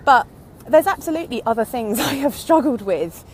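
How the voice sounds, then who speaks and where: A slightly high-voiced woman in her thirties speaks fairly quickly, with few pauses, over slight background noise. An online business vlogger, she's walking outdoors and a little out of breath. Her talk is a casual, reflective monologue, candid and rambling with frequent tangents.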